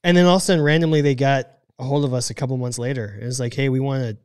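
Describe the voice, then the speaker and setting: A man's voice: mid-range voice, rapid-fire, darkish tone, smooth. A man in his thirties co-hosting a show, chatting casually and oversharing with a self-deprecating manner. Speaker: podcast co-host. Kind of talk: casual chat.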